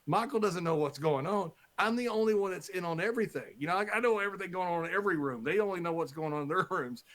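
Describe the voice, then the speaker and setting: Man, fairly high voice, animated storyteller, laughs often, podcast clip. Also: quick pace. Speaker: former wrestling color commentator.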